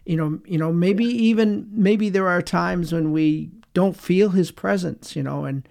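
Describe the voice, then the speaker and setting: A man co-hosts a Christian webcast, his voice a little higher than most and gravelly at the edges. He talks in a reflective, winding way, stopping to restart and filling gaps with "you know.". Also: unhurried, a little mellow. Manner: meandering, many "you know" fillers. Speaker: webcast co-host. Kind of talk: reflective faith conversation.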